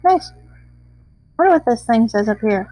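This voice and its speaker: A woman's voice: a little high, expressive, normal speed, dark tone, no room sound, rough recording. A young woman gamer chatting through a let's play, reacting aloud and reading dialogue.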